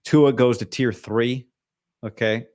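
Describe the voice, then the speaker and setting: A man's voice: mid-range voice, steady tone, slow, darkish tone. A man hosting a solo sports talk show, opinionated and hedging, with frequent restarts.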